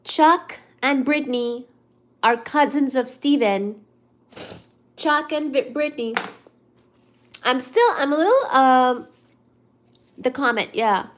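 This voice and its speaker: A chatty woman hosting a casual livestream, with a voice a little higher than most. She talks loosely with her viewers and reads their comments aloud, sometimes in a playful singsong. She sounds a bit stuffed up. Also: expressive, slow, pauses often. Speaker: livestream host.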